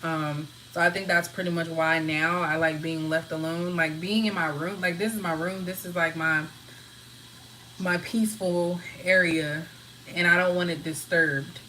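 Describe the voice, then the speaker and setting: A woman casually rambling from home to her live viewers, answering their comments in a relaxed, open way. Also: on the low side, normal speed, a little hiss or hum, rough recording. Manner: relaxed, talks freely, answers chat comments. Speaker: livestream host.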